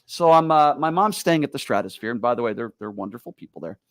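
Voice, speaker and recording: A man hosting a talk radio show, telling stories in an animated, exasperated way. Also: medium pitch, quick pace, dry recording, studio quality. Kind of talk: casual talk radio chat.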